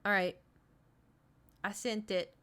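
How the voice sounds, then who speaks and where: A woman's voice: mid-range voice, level tone, takes it slowly, a bit bright, clean tone. Chatty rambling woman streamer. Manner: chatty, rambling, talks straight to chat. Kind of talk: casual live-stream chat.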